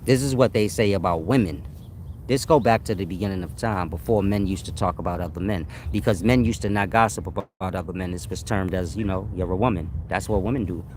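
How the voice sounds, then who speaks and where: A man's voice: low-pitched, brisk, a little mellow, slight background noise. A man in a rambling, profane, slangy casual comedic rant to his viewers. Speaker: vlogger.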